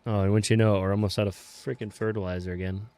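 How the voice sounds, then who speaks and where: A young man casually chatting with viewers while playing a farming game, relaxed and swearing offhandedly. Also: fairly low pitch, quick pace, smooth. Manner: laid-back, swears casually, greets viewers by name. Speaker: game streamer. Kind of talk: casual live-stream chat while playing.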